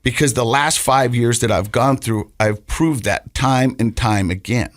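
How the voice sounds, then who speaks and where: A man's voice: mid-range voice, dry recording. Earnest man telling a story, dry sound. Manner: earnest, halting storyteller who repeats words. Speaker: podcast co-host. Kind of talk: personal storytelling on a podcast.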